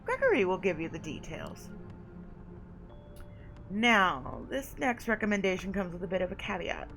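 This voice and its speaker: A woman reads aloud as a haughty female vampire sire from a story game, looking down on her charge and drawling out her endearments. The voice sits at an ordinary middle pitch and is cool and patronizing. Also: big pitch swings, normal speed, gravelly, a bit bright, soft background music, rough recording. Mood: condescending. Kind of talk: reading game dialogue aloud.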